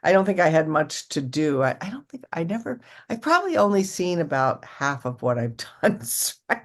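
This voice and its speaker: A woman's voice: lowish voice, sing-song, normal speed. An older woman talks casually as an interview guest. She tells long, rambling stories, restarting her sentences and acting out little quotes as she goes. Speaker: actress guest.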